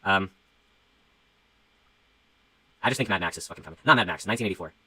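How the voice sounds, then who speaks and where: A man's voice: deep voice, lively intonation, very fast, bright, forceful tone, no echo, low-quality recording. A young man who talks casually and profanely as he rambles on a livestream, reading out donations and musing about his music. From Canada.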